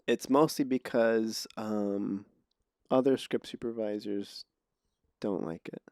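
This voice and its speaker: A man hosting a casual podcast conversation, sarcastic and quick to laugh, often restarting his words. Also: fairly low pitch, fairly even intonation, darkish tone, dry recording, studio quality. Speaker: podcast host.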